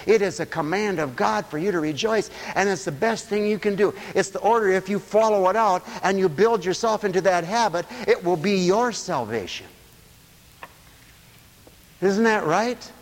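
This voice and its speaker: A man preaching a lively sermon, telling stories and acting out the voices of the people in them. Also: sits high, normal speed, long reverb tail, poor audio. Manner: animated storyteller, acts out quoted voices, laughs often.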